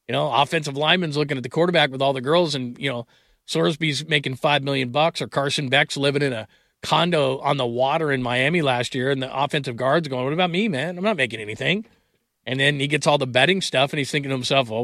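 A man's voice: a little high, a bit bright, no echo, studio quality. A man, hosting a sports call-in radio show in an emphatic, conversational way. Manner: conversational and emphatic, with frequent fillers. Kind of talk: opinionated call-in radio monologue.

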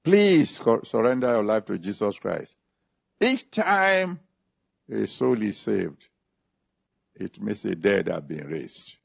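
A man preaches a sermon, reads scripture, then makes an altar call and prays. His delivery is emphatic, with big pitch swings and slow, drawn-out phrases, and his voice carries vocal fry and a breathy edge. The recording is dull and lo-fi.

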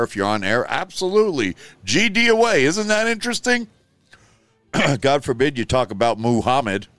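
An older man hosting his own show, ranting in casual talk and swearing freely, dropping to a mutter and then flaring up loud. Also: fairly low pitch, no echo. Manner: profane, rambling, swings from mutter to loud outburst. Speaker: show host.

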